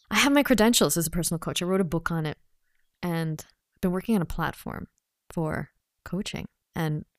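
A woman's voice: fairly low pitch, a bit bright, no echo, studio quality. Laughing woman coach thinking aloud. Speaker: personal coach. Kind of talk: casual self-coaching vlog, reading questions aloud.

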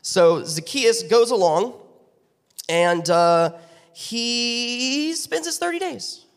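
A male youth pastor preaching, retelling a Bible story in an animated way with character voices. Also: very high voice, extremely slow. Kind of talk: sermon storytelling. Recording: long reverb of a church hall.

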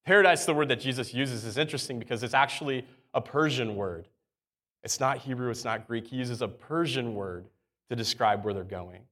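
A man preaching a sermon in a relaxed, conversational way, reading scripture aloud and repeating key words. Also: mid-range voice, fairly quick. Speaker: pastor.

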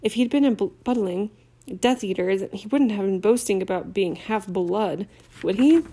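Woman voicing a teenage boy hero, heated, warm-toned, audiobook. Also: medium pitch, normal speed, slightly rough.

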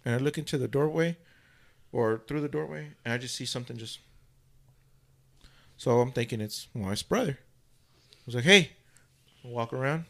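A gravelly man with a bright edge to his voice, telling a story at an easy pace. He talks loosely and curses now and then, as if he were among friends on a podcast. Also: mid-range voice. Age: adult, married. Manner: laid-back, swears freely, drawn-out storytelling. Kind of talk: casual storytelling chat.

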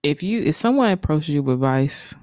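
A woman's voice: deep voice, expressive, a little fast, a little mellow, no echo. A woman co-hosting a casual podcast, talking in easygoing slang. She is playful and breaks into laughter often. Her voice is close and dry with no room sound. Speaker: podcast co-host. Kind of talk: casual chat.

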